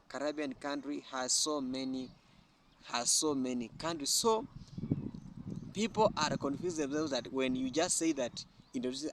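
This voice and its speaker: A man's voice: medium pitch, a little hiss or hum. A man giving earnest opinion commentary, explaining at length with repeated phrases and restarts. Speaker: YouTube commentator.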